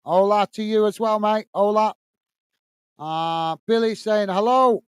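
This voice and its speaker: A man's voice: high-pitched, a little slow, clear, resonant tone, dry recording. A British man hosting a football watchalong stream, chatting casually, reading viewer comments aloud and muttering in exasperation about technology. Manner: rambling, exasperated muttering about tech trouble.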